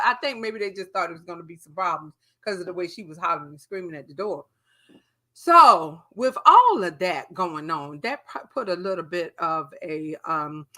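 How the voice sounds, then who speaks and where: A young adult woman co-hosting a podcast, telling a story casually, swearing freely and acting out what people said. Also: mid-range voice. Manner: animated, profane, acts out quotes. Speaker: podcast co-host.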